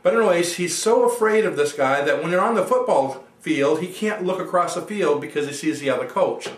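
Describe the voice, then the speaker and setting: A man's voice: on the high side, animated, a little fast, reverberant, recorded from a distance. A man coaching listeners through a self-help exercise and explaining it in plain steps. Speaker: NLP coach. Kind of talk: instructional self-help talk.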